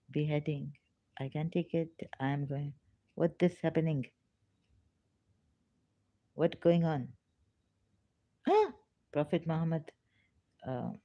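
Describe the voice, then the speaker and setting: A woman hosting a casual livestream, reading news aloud in a halting way with many fillers and restarts. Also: sits low, no room sound. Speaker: livestream host. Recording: dry, slightly dull lo-fi recording.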